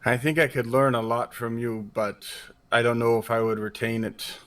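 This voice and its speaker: A man's voice: mid-range voice, fairly even intonation, normal speed, fairly bright tone. A man playing a tabletop game, talking casually and a little hesitantly. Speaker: player.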